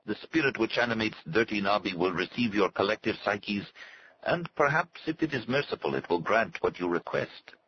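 A man's voice: fairly low pitch, expressive, normal speed, muffled recording, slight background noise, pitched above the performer's own voice, lightly acted. A man voicing a sad, haughty native servant who speaks in formal, stately phrases. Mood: solemn. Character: solemn, haughty male native servant and guide. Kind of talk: audiobook character voice.

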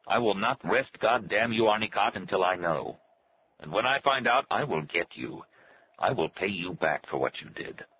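A man's voice: fairly low pitch, animated, normal speed, highs cut off, slight background noise, pitched above the performer's own voice, close to an everyday voice. A man voicing an enraged, grief-stricken trader who vows revenge, read in an audiobook. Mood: vengeful. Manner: anguished, vowing revenge. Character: enraged bereaved male trader, vengeful. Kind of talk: audiobook character voice.

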